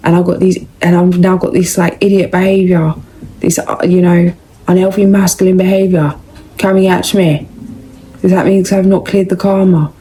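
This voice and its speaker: A woman's voice: fairly low pitch, flat delivery, a little fast, mellow, low-quality recording. A young woman giving a casual, rambling tarot reading, chatty and full of slang. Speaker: tarot reader.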